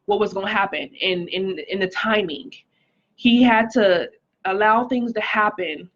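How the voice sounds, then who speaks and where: A woman talks through a personal testimony on a live stream, earnest and emotional, reading out viewer comments. Her voice is husky and breathy at a middle pitch. The sound is dull and lo-fi. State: pregnant, recovering from stroke. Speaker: life coach.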